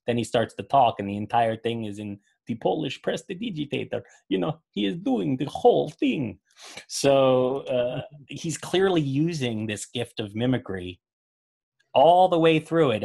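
Man, casual commentary, jokey rambling, mid pitch. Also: gravelly, a little mellow. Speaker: host. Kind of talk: casual commentary on magic footage.

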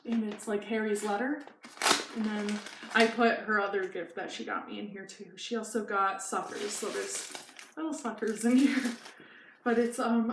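A young woman talks through her gifts in a loose, giggly way, with lots of "um" and "like". She is recorded in an echoey room with a faint hiss behind her. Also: on the high side. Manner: chatty and giggly, with many fillers. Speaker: vlogger. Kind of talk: casual haul chat.

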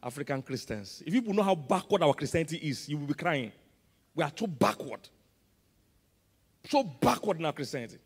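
A man with a Nigerian accent, a pastor preaching a sermon with emphatic call-and-response, swinging between loud and soft. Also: a little high, big pitch swings, fairly quick, pauses often, breathy edge, in a large hall. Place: large church auditorium.

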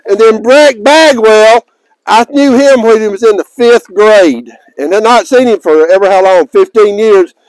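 A man's voice: high voice, unhurried, dry recording, rough recording. A man, a tournament director giving folksy, joking announcements to players outdoors in a park, raising his voice to carry.

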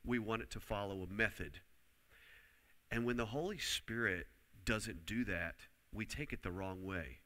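A man's voice: lowish voice, a little slow, sharp tone. A man preaching a sermon, emphatic, repeating key lines and leading the congregation to say them back. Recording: long hall reverb.

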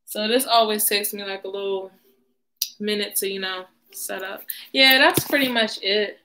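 Chatty woman, bright voice. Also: medium pitch, steady tone, moderate pace, poor audio. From Baltimore. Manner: chatty, addresses viewers in slang. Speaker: livestream host. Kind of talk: casual live-stream chat.

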